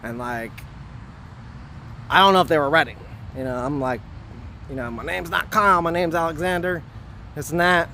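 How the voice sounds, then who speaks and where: A man's voice: a little high, bright, forceful tone, slight background noise. Rambling, earnest man with a raised voice. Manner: rambling and earnest, heavy with "you know" and "like"; hurried, wanting to finish quickly. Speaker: vlogger telling a personal story. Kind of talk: casual spoken recollection.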